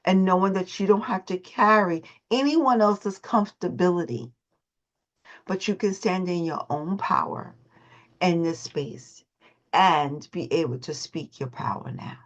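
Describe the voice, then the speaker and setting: A woman with a fairly low voice speaks a little slowly over dull, lo-fi call audio. A host and voice coach, she leads a motivational morning call, emphatic and repeating her phrases.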